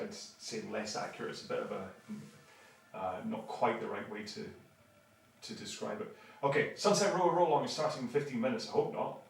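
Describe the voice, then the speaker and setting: A man's voice: mid-range voice, gravelly. A man in his fifties hosting an online rowing class, chatting casually and rambling with many restarts. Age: 50s. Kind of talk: casual livestream chat. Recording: roomy, mic at a distance.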